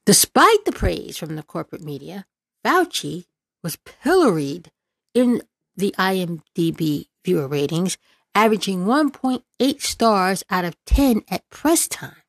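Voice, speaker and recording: A woman's voice: lowish voice, very animated, unhurried, vocal fry, no room sound. A woman political commentator who reads out news, then rants in a sarcastic, exasperated way, repeating words for emphasis.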